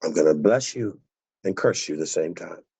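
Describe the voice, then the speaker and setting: A man's voice: sits low, lively intonation, moderate pace, gravelly, mellow, slightly rough, pitched below the performer's own voice, heavily acted. A man voicing God as a stern, sarcastic figure in a sermon, building up dramatically. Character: God, stern and mocking toward grumbling people. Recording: dull lo-fi dry recording.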